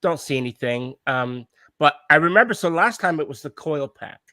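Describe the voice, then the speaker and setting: A man with an Australian accent, co-hosting a live stream, telling a story in a swearing, animated, casual way. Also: fairly high pitch, normal speed, no echo. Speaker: podcast co-host. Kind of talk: casual chat.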